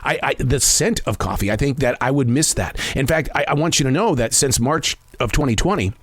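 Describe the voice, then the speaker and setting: Medium-pitched, animated, and a little fast, the voice of this fifty-something man has a slightly bright, breathy edge in a dry recording. He hosts his own podcast as a casual solo monologue, rambling and reflecting while frequently stammering and starting over.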